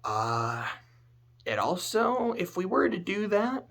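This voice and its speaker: A man talking casually about a story, animated and swearing, swinging between loud outbursts and low muttering. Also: takes it slowly. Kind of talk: casual spoken commentary.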